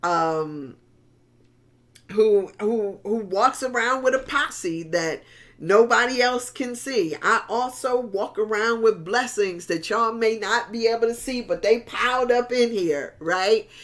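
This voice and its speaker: A woman's voice: on the high side, takes it slowly. A middle-aged woman pastor giving a sermon in a conversational style, often repeating and restarting words and addressing the congregation directly.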